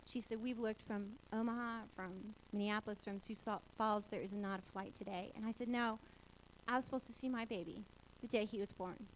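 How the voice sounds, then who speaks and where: A woman in her forties telling a personal faith story, animated and laughing often as she acts out the voices of people she quotes. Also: mid-range voice, a little fast, slight background noise, rough recording. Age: 40s.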